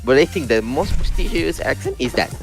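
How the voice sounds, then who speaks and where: A man's voice: mid-range voice, animated, fairly quick, vocal fry, faint music behind. A man learning English, speaking hesitantly on an online voice call and stopping often to search for words. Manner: hesitant, searching for words, non-native phrasing. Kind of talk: casual group discussion.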